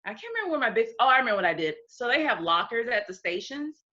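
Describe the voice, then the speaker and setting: A woman's voice: on the high side, fast, highs cut off. A woman from the United States telling stories in a casual interview, laughing, swearing and acting out what people said. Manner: animated, laughing, swearing, acts out quotes. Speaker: interview guest.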